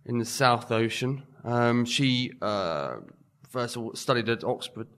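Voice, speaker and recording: A man improvising comedy in a hesitant, halting way with many pauses. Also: medium pitch, fairly bright tone. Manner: hesitant, halting, full of ums. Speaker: improv performer.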